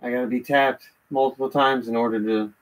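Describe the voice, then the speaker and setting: A man's voice: mid-range voice, steady tone, brisk, low-quality recording. Man, co-host, casual chat, laid-back, brief replies.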